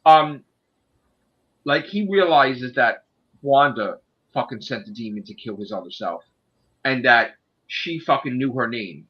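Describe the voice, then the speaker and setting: A man's voice: medium pitch, lively intonation, unhurried, long pauses. A man casually discussing a movie on a podcast in a ranting, profane and emphatic way. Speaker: podcast host. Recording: dull lo-fi sound.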